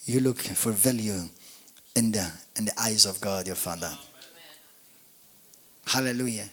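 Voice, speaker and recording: A man with a Maltese accent, preaching a lively, joking sermon as pastor at a church service, calling on the congregation to answer back. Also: on the low side, unhurried, slightly rough. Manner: animated, jokey, call-and-response preaching.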